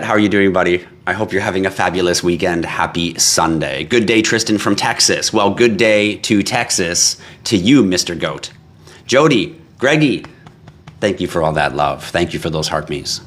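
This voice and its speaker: A man from Canada runs a casual livestream in a somewhat low voice. He swears freely and teases his viewers while reading out their comments. His delivery stays lively and playful throughout. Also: normal speed. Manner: profane, teasing, animated. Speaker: crypto livestream host.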